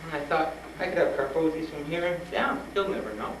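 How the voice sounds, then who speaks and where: A man's voice: a little high, fairly quick. Man telling his story in an echoey hall. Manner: animated, acts out dialogue, laughs often; frank and urging. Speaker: guest speaker at a school. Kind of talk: personal storytelling talk to students. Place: school hall with an audience. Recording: roomy old tape from a distant mic, noisy.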